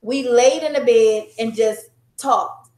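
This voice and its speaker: A woman in her thirties recounts a personal story before a live audience in an echoey room. Her voice sits high, and her telling is animated and chatty, with laughter spilling in. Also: takes it slowly. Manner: animated, conversational, breaks into laughter. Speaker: guest sharing a personal story.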